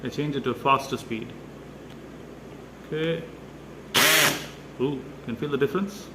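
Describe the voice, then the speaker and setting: Man, mid-pitch, hesitant DIY vlogger narrating as he works, noisy home recording. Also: a little slow. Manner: hesitant, many "uh" fillers, explains step by step. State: slightly out of breath. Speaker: DIY video maker. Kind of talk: casual how-to narration while working.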